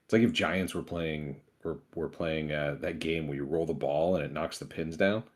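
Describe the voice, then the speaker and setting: A man's voice: very deep voice, moderate pace. A man playing a tabletop game, talking casually and rambling with restarts. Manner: rambling, hesitant, repeats himself. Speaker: player.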